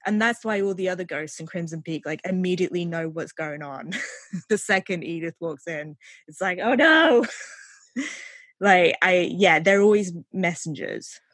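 Lively woman chatting with dry sound. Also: on the low side, normal speed, dry recording. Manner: animated, laughs often, trailing restarts. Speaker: podcast co-host. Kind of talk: casual film chat.

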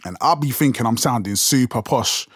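A man's voice: mid-range voice, moderate pace, a bit bright, slightly rough, dry recording. Casual London man, dry sound. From England. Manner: conversational, rambling with many restarts and fillers. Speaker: podcast host and rapper. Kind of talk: casual solo talk.

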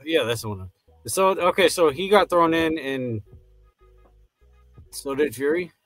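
A man's voice: on the high side, expressive, a little slow, a bit bright, no echo, soft background music. A man co-hosting a podcast, chatting loosely and swearing casually as he reacts to the episode. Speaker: podcast co-host. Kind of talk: casual recap chat.

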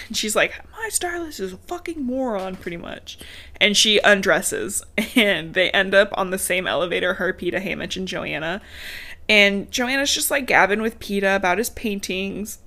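A woman's voice: mid-range voice, pushed and bright. Chatty woman recapping a book. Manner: chatty, swears casually, laughs often. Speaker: podcast co-host recapping a book. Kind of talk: casual chat.

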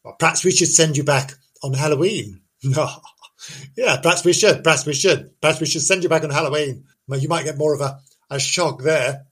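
A man's voice: fairly high pitch, fairly quick, a bit bright, slightly rough. A man hosting, telling a folk tale as a comic monologue, full of rambling self-interruptions and silly asides. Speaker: host.

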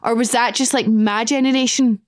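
Young Scottish female podcast host, chatty and self-mocking, slightly high pitch, dry mic. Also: steady tone, a little fast, no echo. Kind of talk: casual solo chat.

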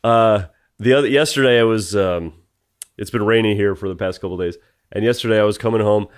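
A man's voice: fairly low pitch, fairly quick, clean tone. A man co-hosting a podcast, telling a story in casual chat and laughing often. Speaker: podcast co-host.

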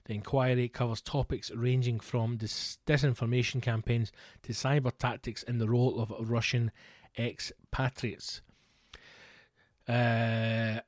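A man's voice: medium pitch, darkish tone, no echo, studio quality. A Scottish man hosting a podcast, ranting sarcastically, swearing freely and reading news reports aloud. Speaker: podcast host.

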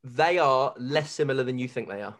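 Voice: mid-range voice, brisk. A podcast co-host, upbeat and bantering in a casual chat.

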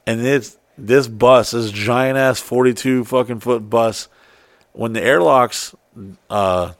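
A man's voice: medium pitch, slow, no room sound. A man telling a wild story in casual chat, swearing freely and acting out what people said. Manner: profane, excitable, acts out quotes.

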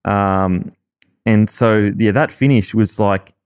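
A man's voice: on the low side, slow pace, smooth. An Australian man, a former rugby league player, talking earnestly and rambling with lots of restarts as a podcast guest. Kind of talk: casual podcast chat.

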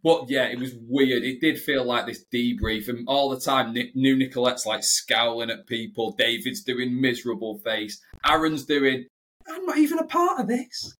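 A man in casual podcast chat, relaxed and playful. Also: mid-range voice, normal speed, hardly any pauses. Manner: relaxed, chatty, playful comparisons. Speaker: podcast co-host.

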